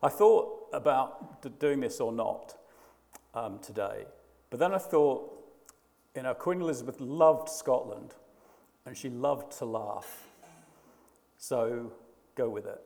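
A man's voice: medium pitch, animated, slow, creaky, long pauses, darkish tone, in a large hall. A man preaching a sermon, conversational and hesitant, often restarting his sentences. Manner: hesitant, frequent restarts and fillers.

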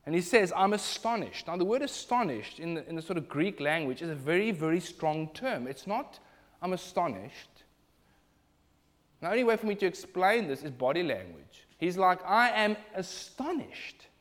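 A man's voice: a little high, big pitch swings, a little fast, hardly any pauses. A man preaching a sermon, emphatic and building in intensity.

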